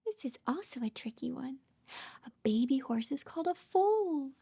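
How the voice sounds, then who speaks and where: A woman, a speech therapist, reading a bedtime story aloud to young children in a gentle, soft voice that often drops to a whisper, coaxing the child with many questions. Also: high voice, lively intonation, moderate pace, vocal fry.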